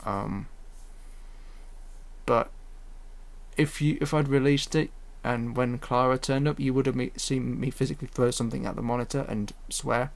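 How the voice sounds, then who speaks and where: A man's voice: medium pitch, steady tone, normal speed, gravelly. A man rambling casually with frequent fillers while he edits his own animation at a home computer. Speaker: animator editing his own fan series. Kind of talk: casual editing commentary.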